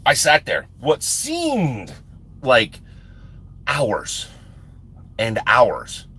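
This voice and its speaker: On a live stream, a man recounts a lengthy personal story, getting excited and laughing often while he repeats himself, starts over, and swears casually. His medium-pitched voice is gravelly with a breathy edge, and he stretches out his words.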